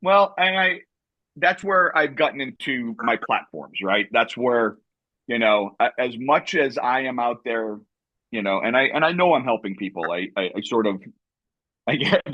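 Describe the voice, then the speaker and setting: A man's voice: mid-range voice, expressive, moderate pace, no room sound, highs cut off. A man in his fifties from the United States, a podcast guest talking candidly and reflectively, often repeating words and tagging sentences with "right?". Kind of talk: candid conversational interview.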